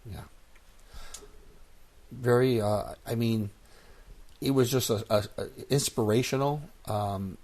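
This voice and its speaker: A man in his sixties telling stories as an interview guest, animated and acting out the voices of people he quotes. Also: medium pitch, takes it slowly, pauses often. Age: 60s. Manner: animated storyteller who acts out quoted voices. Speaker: guest, former baseball player. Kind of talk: casual storytelling interview.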